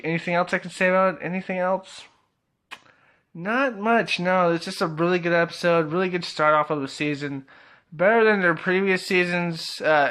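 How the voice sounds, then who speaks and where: A man's voice: fairly high pitch, fairly bright tone. Chuckling young man with a raised voice. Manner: laughs often, swears, many fillers. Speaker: TV episode reviewer. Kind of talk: casual video review.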